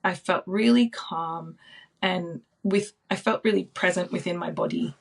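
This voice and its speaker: A woman in her thirties, a podcast guest telling a personal story in a soft, reflective way with frequent ums and likes. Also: fairly low pitch, a little slow, creaky. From Australia.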